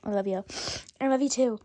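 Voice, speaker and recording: A woman performing an improvised skit, switching rapidly between many bickering characters in different voices. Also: high-pitched, darkish tone, no echo, studio quality. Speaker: storyteller voicing every character. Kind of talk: improvised doll-play skit.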